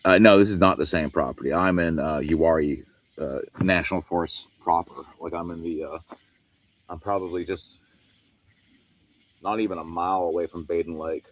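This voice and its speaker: A man's voice: low-pitched, fairly even intonation, moderate pace, muffled recording. A man hosting a nighttime outdoor livestream, chatting to viewers in a rambling, laid-back way as he walks around a wooded camp. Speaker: paranormal livestream host. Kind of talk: casual outdoor livestream chat. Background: crickets.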